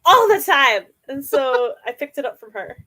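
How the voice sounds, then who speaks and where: A woman hosting a casual livestream, her voice sitting a touch higher than most and swinging widely in pitch. She talks in a giggly, upbeat way as she sets up writing sprints. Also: sing-song, normal speed, sharp tone. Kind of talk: casual live-stream chat.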